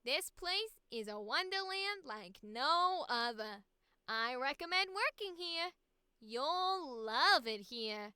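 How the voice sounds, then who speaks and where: A woman's voice: high-pitched, animated, slow, pushed and bright, no echo, studio quality, exaggerated voice. Woman doing a nasal, gushing cheery craft lady. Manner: gushing, giggly, chummy. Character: overly sweet cheerful woman at a craft company. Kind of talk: voice acting audition.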